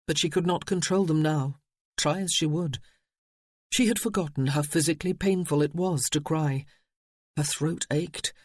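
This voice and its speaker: A man reading a novel aloud in steady audiobook narration. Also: fairly high pitch, no echo.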